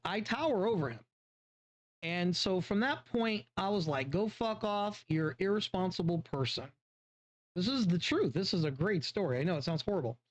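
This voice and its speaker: Rambling, profane man telling a story. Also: high voice. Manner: rambling, profane, restarts often. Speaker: beer reviewer. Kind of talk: casual storytelling vlog. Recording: dull lo-fi sound.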